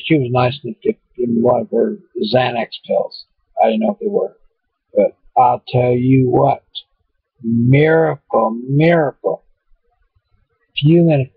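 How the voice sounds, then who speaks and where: A man's voice: medium pitch, expressive, unhurried, vocal fry, husky, no echo. A man rambling through a casual webcam monologue at home, full of fillers and asides. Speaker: vlogger. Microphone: webcam mic. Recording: tinny, phone-like dry webcam audio.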